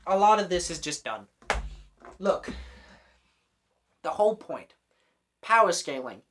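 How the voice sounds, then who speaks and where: A man's voice: high voice, very animated, takes it slowly, long pauses, a bit bright. A young man hosting a commentary vlog, ranting in an exasperated, sarcastic way with plenty of swearing. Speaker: host.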